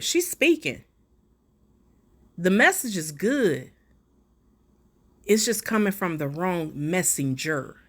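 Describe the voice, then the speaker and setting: A woman hosting a commentary video, sassy and slangy, addressing her viewers as "y'all.". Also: mid-range voice. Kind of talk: casual reaction commentary.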